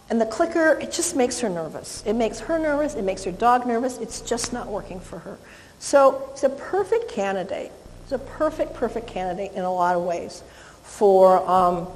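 A woman dog trainer presenting a live seminar demonstration to an audience, explaining in a chatty way with many fillers and restarts. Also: mid-range voice. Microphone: handheld microphone. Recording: echoey hall, faint ambience.

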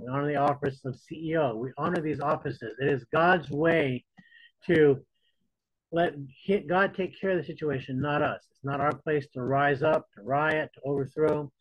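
A man's voice: a little high, no room sound, poor audio. A man teaching a Bible lesson as a sermon, talking in a conversational way and retelling scripture in casual modern words.

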